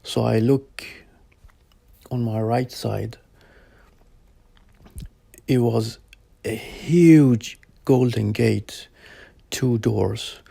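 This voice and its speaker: Slow, gravelly man recounting a vision. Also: mid-range voice, fairly even intonation, warm tone, no room sound, studio quality. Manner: slow, halting, searching for words. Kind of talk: personal account told to interviewer.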